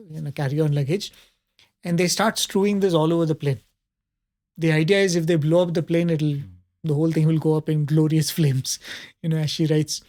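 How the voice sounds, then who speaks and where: A man, a panelist telling a spiritual story in a conversational way, often pausing with fillers and soft laughs. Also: a little high.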